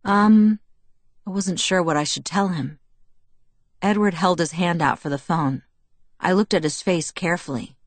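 Low-voiced woman narrating an audiobook. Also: normal speed, no room sound. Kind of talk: first-person novel narration.

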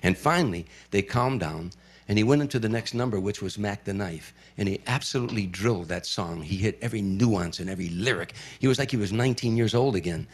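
A middle-aged man telling a story in casual conversation, building the drama and dropping into hushed tones. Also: on the low side, fast talker, slightly rough.

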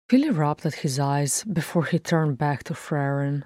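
Woman reader, low, slow, steady storytelling, dry sound. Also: no echo. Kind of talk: audiobook fan fiction narration.

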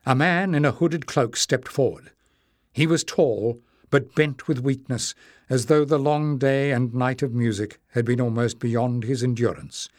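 A man reading a fantasy audiobook as narrator, in a measured storytelling delivery. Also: mid-range voice, fairly even intonation, no echo, studio quality.

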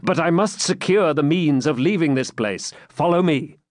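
A man's voice: on the high side, normal speed, no echo, studio quality, pitched above the performer's own voice, lightly acted. A man doing a stern, commanding pilgrim. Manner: grave, commanding, archaic speech. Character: stern commanding male pilgrim, young warrior.

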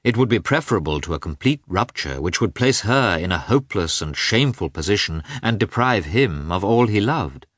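Deep-voiced male audiobook narrator. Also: lively intonation, moderate pace, hardly any pauses, a bit bright, no room sound, clean studio sound. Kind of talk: scripted narration of a classic novel.

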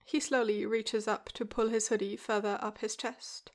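A woman calmly reading a story aloud in a measured way. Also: a little high. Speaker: podfic reader. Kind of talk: storybook narration.

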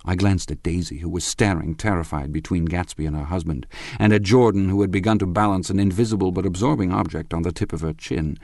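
A deep-voiced man reads a classic novel aloud, measured and expressive. The recording is dry and close, with no room sound at all. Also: creaky, no echo. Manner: measured, expressive first-person narration. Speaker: audiobook narrator. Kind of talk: literary audiobook reading.

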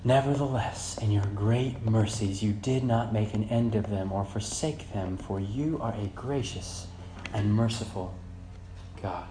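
A man in his thirties preaching a sermon as pastor, moving between loud fervent emphasis and soft reflective passages. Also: lowish voice, a little slow. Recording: echoey church room with faint hum.

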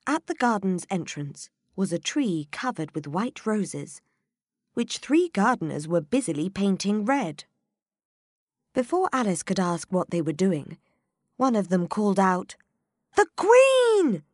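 A woman narrating a children's storybook in a measured, expressive reading. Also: medium pitch, no room sound, clean studio sound.

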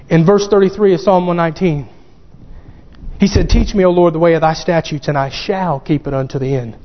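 A man preaching a sermon, fervent and growing excited as he quotes scripture. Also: on the high side, brisk. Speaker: pastor. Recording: dull lo-fi sound with long hall reverb.

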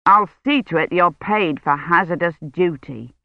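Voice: medium pitch, moderate pace, vocal fry, dry recording, lightly acted. A reader voicing an older male academic who presses urgently for help. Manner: urgent, persuasive. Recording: dull lo-fi sound.

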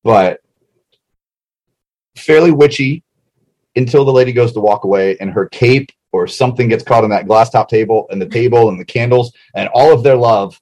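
A man's voice: mid-range voice, darkish tone, poor audio. A man co-hosting a casual podcast, chatting about a reality show and rattling off plugs. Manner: chatty, reads plugs quickly. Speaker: podcast co-host.

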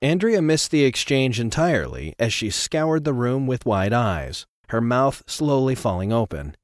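A man narrating an audiobook with an expressive, dramatic reading. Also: mid-range voice, unhurried, no echo, studio quality. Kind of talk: scripted narration.

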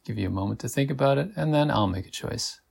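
A male podcast host reads an interactive adventure story aloud at a measured, unhurried pace. His voice has a gravelly texture at a medium pitch. He slows down whenever he turns to speak to the listener directly. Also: animated, darkish tone.

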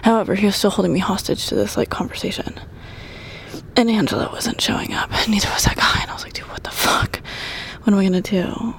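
A woman's voice: mid-range voice, fairly even intonation, fast talker, creaky. A young woman telling a story in casual chat, profane, often dropping into whispered asides while doing squats.

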